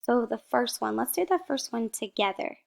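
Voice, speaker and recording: A woman teacher giving a slow, encouraging phonics lesson to young children, saying each word out clearly, asking a question and then giving the answer. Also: on the high side, animated.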